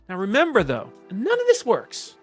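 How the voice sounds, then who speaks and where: Calm, slow-talking male sales coach. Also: high voice, faint music behind. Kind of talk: direct-to-camera teaching.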